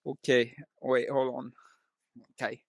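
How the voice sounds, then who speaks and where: A man's voice: medium pitch, little pitch movement, slow, no room sound. Rambling, self-interrupting man, dry close sound. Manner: meandering, self-interrupting, laughs at himself. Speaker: video host. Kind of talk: rambling solo video talk.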